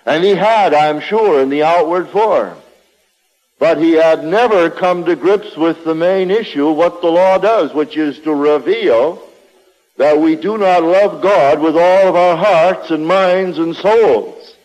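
A man's voice: a little high, slow pace, darkish tone. A man preaching a sermon with an emphatic, repetitive cadence. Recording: long reverb of a large hall.

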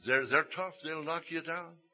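A man's voice: fairly high pitch, moderate pace, lightly acted. Pleading East London boy of eleven, put on by a male preacher, lo-fi. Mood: woeful. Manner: earnest, pleading. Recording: dull lo-fi sermon recording.

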